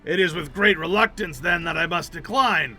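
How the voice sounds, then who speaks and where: A man's voice: fairly high pitch, normal speed, sharp tone, soft background music. A man voicing a formal, solemn male samurai in a game, with lofty phrasing.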